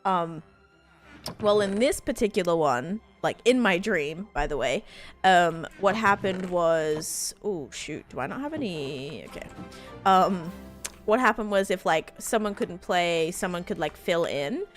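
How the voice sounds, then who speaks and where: A woman live streaming a game, excitedly thanking viewers and rambling through stories with lots of fillers. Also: on the low side, measured pace, soft background music. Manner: rambling storytelling with many fillers. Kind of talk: casual live-stream chat while gaming.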